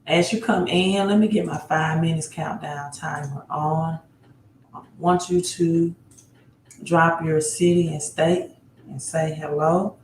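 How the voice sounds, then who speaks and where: Taking it slowly in a low, steady, darkish voice, this livestream host greets viewers individually. She repeats place names and often ends phrases with "right?", with slight background noise and a roomy echo.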